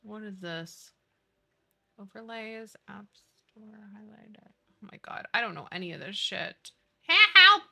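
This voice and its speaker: A woman's voice: mid-range voice, unhurried, creaky, sharp tone. A young woman streaming live, chatting casually, swearing freely and apologizing as she fiddles with her settings.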